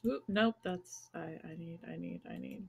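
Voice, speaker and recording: A woman's voice: on the low side, moderate pace, vocal fry, breathy edge. A woman playing a tabletop game, casual and swearing offhandedly. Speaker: player.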